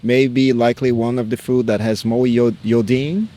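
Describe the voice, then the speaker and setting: Mellow-voiced man in casual chat. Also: medium pitch, moderate pace, slight background noise. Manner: relaxed, with short laughs and affirmations.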